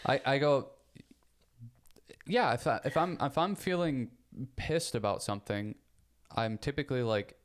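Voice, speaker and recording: A young man co-hosting a podcast in casual chat, rambling and repeating words, getting animated when he makes a point. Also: medium pitch, a little slow, pauses often. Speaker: podcast co-host.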